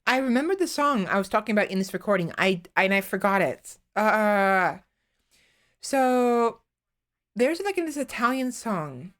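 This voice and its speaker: A woman's voice: mid-range voice, sing-song, unhurried, a bit bright. A young woman streamer chatting casually, rambling with many fillers and restarts while playing around with her voice. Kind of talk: casual chat.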